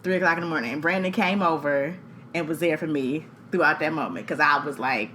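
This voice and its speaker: A woman, co-hosting a podcast and telling a story, animated and laughing, acting out voices. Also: sits low, a little fast, a little hiss or hum. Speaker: podcast co-host. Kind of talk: casual storytelling chat.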